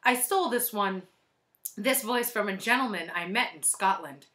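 A woman's voice: medium pitch, normal speed, a bit bright, lightly acted. Woman voicing a sinister male teacher, voice thief, mock-polite, gloating, storybook.

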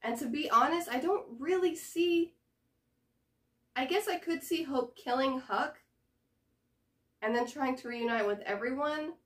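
A woman's voice: sits high, measured pace, pauses often. A woman hosting a reaction video, chatting casually to camera and thinking aloud with fillers and hesitations.

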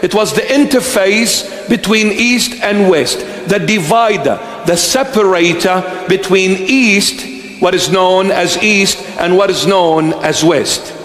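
A bishop whose first language is Aramaic preaches a sermon slowly in a church, repeating phrases for emphasis. His voice is high and a bit bright, echoing through the church hall.

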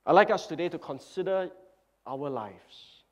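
A man's voice: fairly high pitch, expressive, a little slow, darkish tone, muffled recording. A man preaching a sermon as pastor, speaking earnestly and emphatically, with repeated phrases.

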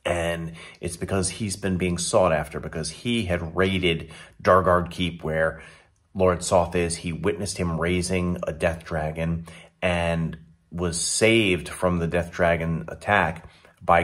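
Deep voiced guy rambling thru his dnd session recap, lots of restarts. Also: level tone, slow pace, fairly bright tone. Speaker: dungeon master. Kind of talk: casual recap and advice for game masters.

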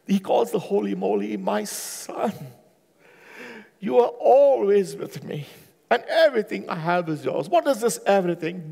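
A man preaching a sermon with passion, swinging from hushed, low pleading to loud, high exclamations. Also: big pitch swings, a little slow, gravelly. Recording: long hall reverb.

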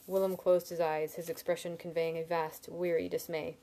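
A woman at home reading a novel aloud in a soft, low-key narrating voice. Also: little pitch movement, normal speed, few pauses. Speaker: audiobook reader.

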